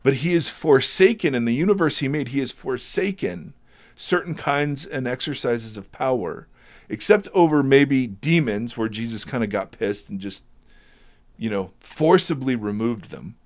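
A man talking about Jesus and scripture in a relaxed conversation, emphatic, sometimes teary and emotional. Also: mid-range voice, moderate pace. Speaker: Bible teacher in discussion. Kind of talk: conversational Bible discussion.

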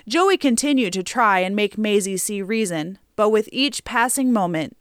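Smooth-voiced woman narrating an audiobook. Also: on the low side, dry recording, clean studio sound.

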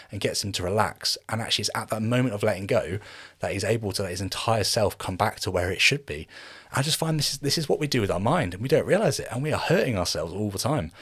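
Podcast guy, talks fast, lowish voice, keeps restarting sentences. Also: fairly bright tone, husky. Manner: rambling, many restarts. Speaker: podcast host. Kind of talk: casual conversation.

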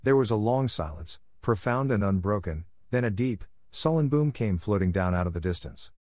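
Low-voiced man reading a classic story. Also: no echo, studio quality. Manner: measured, expressive reading. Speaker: audiobook narrator. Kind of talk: scripted storybook narration.

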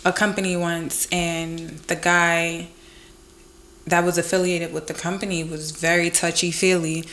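A woman chatting casually, with a bright, forward voice. She tells her stories emphatically and with indignation. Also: fairly low pitch, little pitch movement, measured pace. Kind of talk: casual chat.

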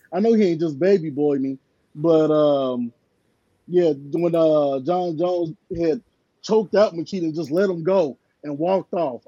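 A man with a high yet very dark, mellow voice talks sports casually as a podcast co-host. He rambles through stories with lots of filler words. The sound is dry and a little dull, as if from a basic home mic. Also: breathy edge, no room sound.

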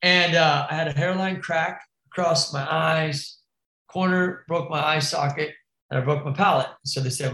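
A man's voice: fairly high pitch, steady tone, moderate pace, sharp tone, reverberant, low-quality recording. A man telling a wild crash story in casual, profane slang, calling the listener bro and dude. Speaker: podcast guest, BMX rider.

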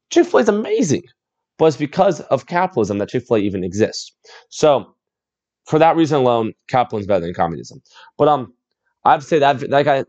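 A man's voice: medium pitch, darkish tone, lo-fi sound. A man hosting a reaction video, chatting casually, often laughing and repeating exclamations.

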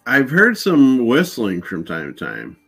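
A man telling his paranormal investigation stories in a relaxed, anecdotal way, acting out the dialogue. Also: mid-range voice, unhurried, vocal fry, husky, faint music behind. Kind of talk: casual storytelling in an interview.

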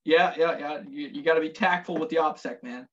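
A former Marine telling profane, lively war stories in casual chat, acting out the quotes. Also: male voice, a little high, a little fast, highs cut off. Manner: profane, animated storytelling with acted quotes.

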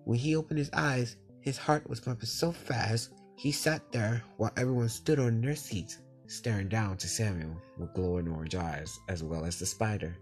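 A man reading his own spooky story aloud, in a plain, halting way with small slips. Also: lowish voice, steady tone, soft background music.

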